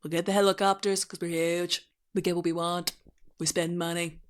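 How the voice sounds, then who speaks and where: A woman's voice: lowish voice, flat delivery, normal speed, lightly acted. A woman doing an impression of a boastful, blustering male politician in short blunt sentences, as comedic podcast banter.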